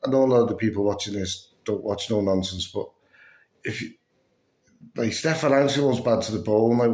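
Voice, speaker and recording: A man's voice: mid-range voice, a little mellow, echoey room. A man telling a story in a casual vlog, swearing often, sounding fatigued and acting out what others said. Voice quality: breathless, fatigued. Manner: swears a lot, acts out quoted dialogue.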